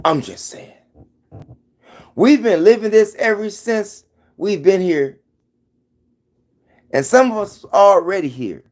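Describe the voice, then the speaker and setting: A middle-aged man delivers a slow, preachy rant straight into his phone. His somewhat high voice swoops up and down as he repeats his lines for emphasis. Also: lively intonation, darkish tone. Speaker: vlogger. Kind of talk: opinionated commentary vlog.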